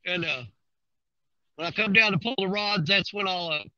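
High, bright man fishing live. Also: moderate pace, dry recording, muffled recording. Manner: excited, drawling, talks to viewers while reeling. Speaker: fishing livestreamer. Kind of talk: excited live commentary while fishing. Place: outdoors on a river bank.

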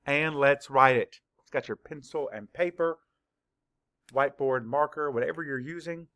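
A man teaching a spelling lesson to young children, dictating words slowly and clearly, sound by sound. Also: medium pitch, a bit bright. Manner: slow, clear word-by-word dictation.

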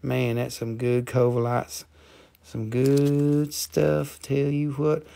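A man hosting a live crystal sale, talking in an excitable, profane way with sudden jumps in pitch. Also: slow, gravelly. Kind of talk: excited live sales chat.

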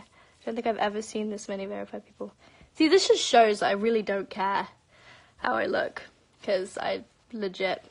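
This young British-accented woman, Spanish-born and London-raised, chats casually with fans as host of a live-stream Q&A. Her voice is high-pitched with a sharp tone. Bubbly and chatty, she often slips into whispered asides, speaking into a phone held at arm's length.

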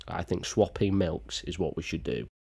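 A man's voice: deep voice, expressive, moderate pace, creaky, over loud music. A young man, rambling through sarcastic, sweary reaction commentary. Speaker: vlogger.

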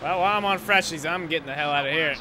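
A young man giving casual, rambling gameplay commentary, sarcastic and quick to swear when frustrated. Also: a little high. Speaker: gaming YouTuber. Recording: loud engine noise behind voice. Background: game engine noise.

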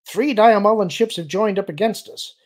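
A man's voice: high-pitched, moderate pace, a little mellow, pitched above the performer's own voice, lightly acted. Man voicing a tense, pleading woman leader. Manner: urgent and pleading.

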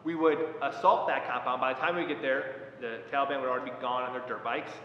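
A man who was a Marine platoon commander, speaking in a measured, reflective way with many pauses and fillers. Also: medium pitch, fairly even intonation. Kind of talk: reflective talk. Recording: echoey hall, dull lo-fi sound.

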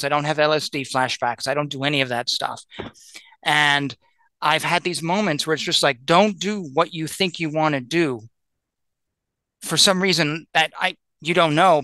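A man telling a personal story as a guest in a roundtable discussion, animated and peppered with "like", acting out what people said. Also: fairly high pitch, smooth, no room sound. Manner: animated, acts out quoted voices, lots of "like".

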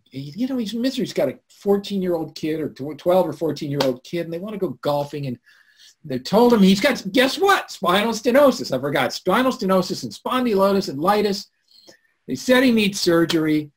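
Man, webinar host, husky, fairly high-pitched, animated storytelling. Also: fairly quick. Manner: animated storytelling, swinging from loud to hushed. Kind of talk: live webinar talk. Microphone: computer mic on a video call.

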